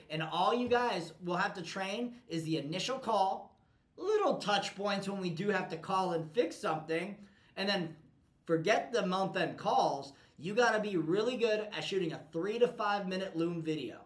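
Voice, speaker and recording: A man's voice: high-pitched, expressive, moderate pace, roomy sound, poor audio. A man coaching his team in a blunt, profane motivational talk. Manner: forceful, profane, pushy.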